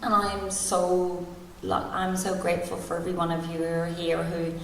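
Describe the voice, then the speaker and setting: A woman's voice: fairly low pitch, completely flat delivery, normal speed, vocal fry, fairly bright tone. A woman in her forties sharing her story at a recovery meeting, candid and wry, laughing through painful memories. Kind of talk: personal share at a recovery meeting. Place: large hall at a convention. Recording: distant, echoey hall recording.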